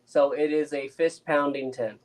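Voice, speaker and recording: A man's voice: a little high, fairly even intonation, measured pace. A man co-hosting a casual podcast over a video call, laid-back as he reads out the chat. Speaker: co-host, voice actor.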